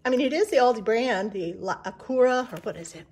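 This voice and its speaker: Chatty husky woman in her sixties. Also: on the high side, expressive, brisk, darkish tone. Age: 60s. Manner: chatty, homey, rambling with fillers. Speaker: channel host. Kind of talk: casual grocery haul vlog. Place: farmhouse kitchen.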